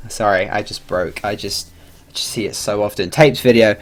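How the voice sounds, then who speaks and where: A man's voice: lowish voice, a little slow, pauses often. A man streaming a game, chatting casually and rambling, swearing and chuckling along the way. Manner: animated, rambling, swears and laughs freely. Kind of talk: casual livestream commentary.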